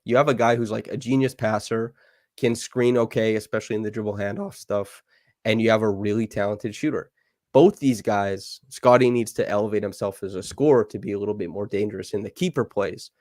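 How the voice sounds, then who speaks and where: A man with a fairly low voice talks through basketball tactics with quick, eager energy, piling on casual fillers as he goes. The sound is dry and close, with next to no room around him. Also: darkish tone, no echo. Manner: fast, enthusiastic breakdown with fillers. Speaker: podcast host. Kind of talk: casual basketball analysis chat.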